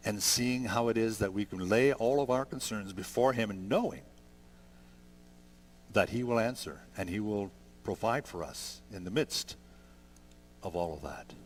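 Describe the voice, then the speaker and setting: A man in his sixties preaching a sermon, conversational and gentle, building to emphatic peaks. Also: on the low side, unhurried, long pauses, slight background noise. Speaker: pastor.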